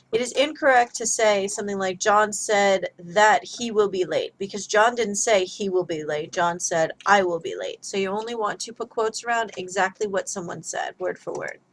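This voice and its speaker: A woman's voice: mid-range voice, poor audio. Woman, teacher, chatty grammar lesson, step-by-step explaining.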